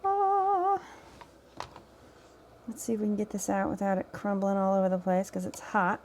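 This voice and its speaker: A woman's voice: mid-range voice, flat delivery, quick pace, darkish tone, a little hiss or hum. A woman giving casual, off-the-cuff cooking commentary from her home kitchen, chatty and teasing herself, speaking off camera. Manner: chatty, self-teasing, talks while tasting. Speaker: cooking vlogger. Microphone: camera mic, speaker off camera.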